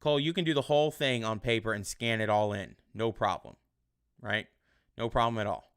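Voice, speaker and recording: A male teacher giving casual online class instructions in a relaxed, rambling way with many fillers. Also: fairly low pitch, brisk, smooth.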